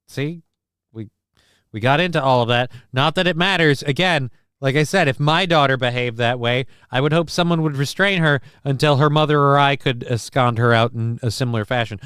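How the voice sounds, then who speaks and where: A man's voice: medium pitch, normal speed, fairly bright tone, clear, resonant tone, no echo, clean studio sound. A man from the American Midwest hosting a casual livestream, joking and rambling as he comments on the news. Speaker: host.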